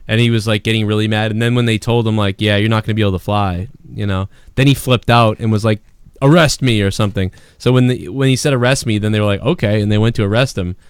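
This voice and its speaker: A man's voice: on the low side, fairly even intonation, fast, few pauses, clear, resonant tone, no room sound. A man hosting a live-streamed show, chatting casually and profanely while telling a story. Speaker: podcast host.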